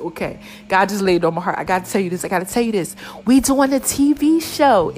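Woman podcast host, high voice, chatty and preachy, faint music behind. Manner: lively, preachy and chatty, calls listeners "babies" and "child". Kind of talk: casual solo podcast talk.

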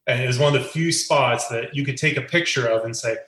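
A man's voice: medium pitch, a little fast, few pauses, fairly bright tone. A man reminiscing about his college days, reflective and amused. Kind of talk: reflective storytelling. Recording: echoey room.

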